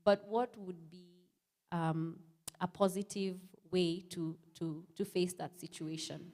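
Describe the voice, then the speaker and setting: Woman panel moderator, lowish voice, easy conversational questions. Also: fairly even intonation, takes it slowly, a little mellow.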